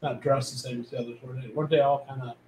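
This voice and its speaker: A man's voice: mid-range voice, level tone, rapid-fire, warm tone. Man heard from across an echoey room. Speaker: player. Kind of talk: casual tabletop game chat. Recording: roomy, distant mic with faint noise.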